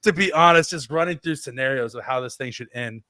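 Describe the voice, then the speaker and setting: A man's voice: medium pitch, brisk, pushed and bright, no echo, clean studio sound. A man in his thirties on a podcast, telling stories in a rambling, self-deprecating way. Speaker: podcast co-host. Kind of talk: casual podcast chat.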